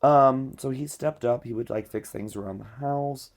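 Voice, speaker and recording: A man's voice: mid-range voice, moderate pace. A man hosting a podcast, telling a story in casual chat and filling it with lots of filler words. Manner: chatty, many filler words. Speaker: podcast host.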